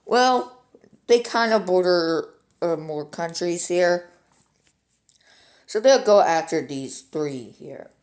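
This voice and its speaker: A young male voice giving unhurried, drawn-out commentary over a map strategy game at home. He rambles from point to point and sprinkles "like" everywhere. The delivery is loose and casual rather than scripted. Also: high-pitched, animated. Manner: rambling and easily sidetracked, full of "like". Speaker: gaming commentator.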